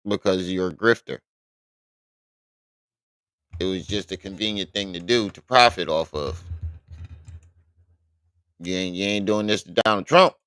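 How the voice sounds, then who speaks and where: A man's voice: low voice, a little slow, pauses often, fairly bright tone, clear, resonant tone, dry recording. A man hosting a live stream, reacting bluntly and with exasperation, swearing often.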